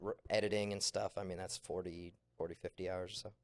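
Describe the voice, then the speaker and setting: Smooth-voiced man in casual chat. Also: deep voice, fast. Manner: relaxed, rambling, trails off into quiet asides. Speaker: guest video creator.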